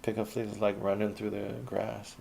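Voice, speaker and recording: Young guy, gravelly dark voice, laid-back profane storyteller, faint noise in the background. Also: fairly low pitch, monotone, normal speed. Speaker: autobiographical podcaster. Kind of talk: rambling personal storytelling.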